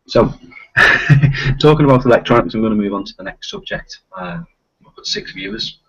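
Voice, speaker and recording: Animated and husky, a man with a mid-range, fairly bright voice hosts a casual live-stream chat at a moderate pace. He has a light Liverpool accent and rambles with plenty of fillers and restarts, heard through muffled, distant, low-fidelity stream audio.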